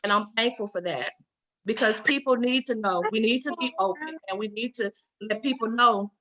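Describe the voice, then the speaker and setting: A woman's voice: fairly high pitch, normal speed, a crowd in the background. A woman giving firm, faith-filled encouragement to a younger mother on a video call. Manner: warm, preachy, firm encouragement. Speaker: encouraging mentor in a women's group. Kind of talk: motivational faith talk.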